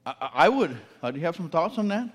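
A man's voice: a little high, sing-song, fast talker, long reverb tail. A man preaching a sermon, asking his listeners questions and repeating key phrases for emphasis.

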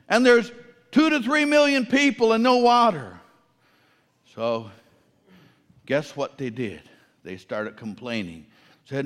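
A man with a high voice delivers a sermon. He asks his listeners questions and repeats phrases for emphasis. His voice rings out with a long reverb in a large hall. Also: big pitch swings, slow, pauses often, a bit bright. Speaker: preacher.

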